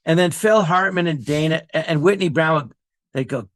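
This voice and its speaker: A man's voice: on the high side, normal speed, fairly bright tone, dry recording. A man co-hosting a podcast, animatedly telling a comic story and acting out other people's lines. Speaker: podcast co-host. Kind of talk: casual chat, comic storytelling.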